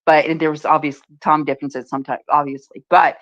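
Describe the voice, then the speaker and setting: A woman's voice: sits low, little pitch movement, dull audio. A woman in a casual stream chat, brash and sweary. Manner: brash and sweary, talks fast.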